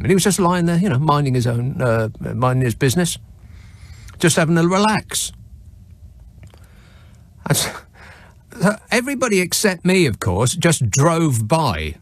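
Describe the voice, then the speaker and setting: A man's voice: on the high side, dry recording. A man hosting a late-night radio phone-in, telling a story in a wry, sardonic, self-mocking way. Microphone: studio microphone.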